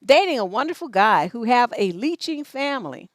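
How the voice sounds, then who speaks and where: A woman's voice: on the high side, big pitch swings, normal speed, dry recording. A woman relationship coach on a livestream advice show, reading out letters and answering in a blunt, profane, scolding way.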